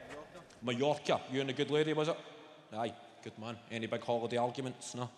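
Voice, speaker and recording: A Scottish man in his thirties doing a stand-up comedy set, sweary and animated as he banters with the crowd. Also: medium pitch, quick pace. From Scotland. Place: large theatre stage. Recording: live theatre mic, long hall reverb. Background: audience ambience.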